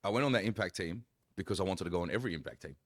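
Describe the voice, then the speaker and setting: A man, a pastor, telling his story in casual chat, animated, acting out quoted lines with big jumps in voice. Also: low voice, very fast, dry recording, studio quality.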